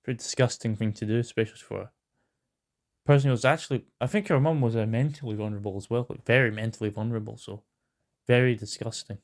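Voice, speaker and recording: A British man talks through the news in a rambling, off-the-cuff rant. He swears freely and stalls on ums and restarts. His voice sits at an ordinary middle pitch. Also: fast talker. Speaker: host.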